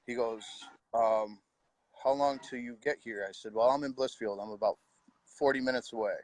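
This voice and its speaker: A middle-aged man, quietly telling his own story of losing his wife, with halting pauses and heartfelt words. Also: medium pitch, dry recording. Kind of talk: personal storytelling.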